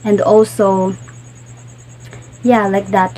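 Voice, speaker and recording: A woman giving a classroom lecture on speech organs, explaining slowly and repeating example words. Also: mid-range voice, darkish tone, a little hiss or hum, rough recording. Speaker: student teacher.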